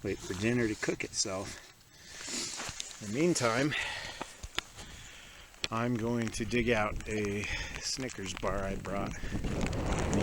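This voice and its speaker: A man casually narrating an outdoor vlog from a stormy campsite, explaining each step with small asides in a relaxed, chatty way. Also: fairly low pitch, takes it slowly, long pauses, very noisy. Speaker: outdoor vlogger.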